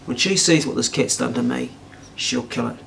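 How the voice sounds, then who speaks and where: A man doing a low, blunt menacing mate. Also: moderate pace, vocal fry, a little hiss or hum. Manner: low, flat and hushed. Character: blunt rough male mate, menacing and matter-of-fact. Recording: roomy, distant mic.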